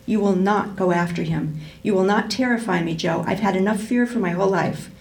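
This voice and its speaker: A woman reading aloud as a traumatized mother who speaks with fear, then in an even, commanding tone. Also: mid-range voice, brisk, gravelly, lightly acted. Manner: fearful then firmly commanding. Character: frail bedridden mother, traumatized and fearful.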